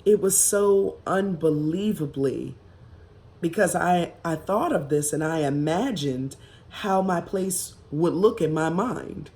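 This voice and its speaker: A woman vlogger shares a personal story in a low, mellow voice. She sounds casual, emphatic and reflective, and she leaves long, drawn-out pauses.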